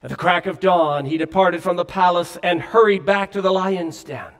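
A man's voice: high-pitched, moderate pace. A male pastor preaching a sermon earnestly, with emphatic rises and falls.

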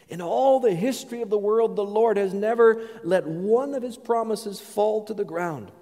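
High-voiced preaching man in reverberant hall. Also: moderate pace, few pauses, mellow. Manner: earnest, rising to emphatic preaching. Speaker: pastor. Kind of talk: sermon. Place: church sanctuary.

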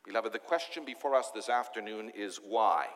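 A man's voice: lowish voice, normal speed, long reverb tail. A man preaching a sermon as pastor, emphatic and full of rhetorical questions.

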